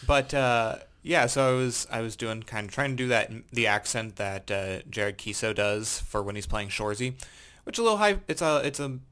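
A man's voice: medium pitch, expressive, normal speed, a bit bright, clear, resonant tone. A man co-hosting a gaming podcast, telling a rambling story in casual chat, correcting himself as he goes. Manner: rambling storyteller, self-correcting, laughs at own jokes. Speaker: podcast co-host.

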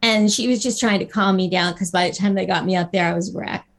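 A woman guest telling a lively anecdote in a casual interview, acting out the people she quotes. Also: medium pitch, fairly quick. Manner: animated storyteller, acts out quotes. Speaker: guest actress.

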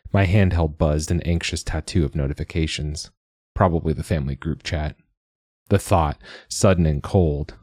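A man giving measured, wry, reflective first-person audiobook narration. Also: rumbling low, darkish tone, no echo, studio quality.

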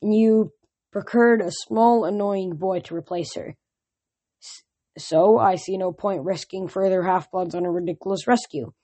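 Bored, snide male god, slow drawl, husky, as a woman reads him. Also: mid-range voice, dark tone, no echo, natural voice.

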